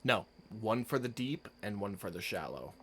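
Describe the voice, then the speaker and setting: A man acting as game master in an online tabletop game, calmly clarifying the rules for his players. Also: fairly low pitch, normal speed, a little hiss or hum.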